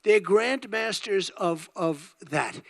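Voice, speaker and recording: A man's voice: high-pitched, animated, takes it slowly, vocal fry, no echo. An older man giving an emphatic, rambling campaign rally speech, repeating his phrases over and over. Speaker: political candidate.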